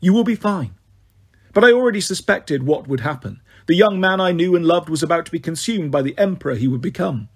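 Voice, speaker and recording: A man's voice: fairly high pitch, expressive, quick pace, few pauses, slightly rough. A man narrating an audiobook in first person, telling the story expressively.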